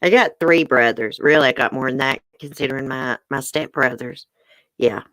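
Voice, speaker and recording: Middle-aged Southern woman, livestream host, low and chatty, dry close sound. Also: normal speed, fairly bright tone, dry recording. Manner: chatty, laughs often, says y'all. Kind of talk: casual livestream chat with viewers. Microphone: webcam or phone close up.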